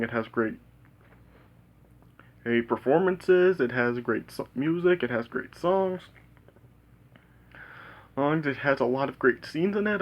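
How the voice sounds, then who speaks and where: A man's voice: mid-range voice, muffled recording. A man casually reviewing a movie, rambling with lots of fillers and restarts, enthusiastic and laughing often.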